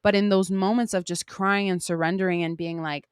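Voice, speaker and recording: A young woman speaks into a close mic in a dry, deadened space, her voice sitting a little low for a woman. She hosts a solo podcast in a candid, emphatic, casual way, peppering her talk with "like" and the odd curse. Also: fairly even intonation, fairly quick, hardly any pauses, clear, resonant tone, no room sound. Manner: candid and emphatic, frequent swearing and "like" fillers. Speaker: podcast host.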